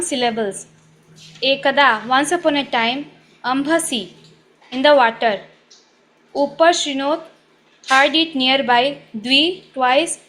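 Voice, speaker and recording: A woman student reading aloud word meanings and a translation in a steady, measured way. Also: sits high, rough recording.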